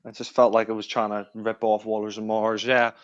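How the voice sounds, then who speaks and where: Male guest, casual fan chat, smooth mid-pitched voice, hesitant, muffled lo-fi line. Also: flat delivery, a little fast. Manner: hesitant, restarts often. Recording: dull lo-fi audio.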